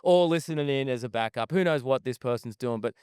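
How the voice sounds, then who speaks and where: A man with a smooth, clear voice of middling pitch tells a rambling, profane story as a guest chef. The sound is close and dry, with no room around it. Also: quick pace, a little mellow, dry recording. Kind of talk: casual storytelling in an interview. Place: outdoor desert festival camp.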